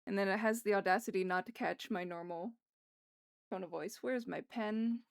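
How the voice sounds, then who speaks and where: A woman's voice: mid-range voice, moderate pace, vocal fry, clean tone. A young woman streaming live as she draws, muttering to herself in a frustrated, self-mocking way and swearing often. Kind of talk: casual live-stream chatter while drawing.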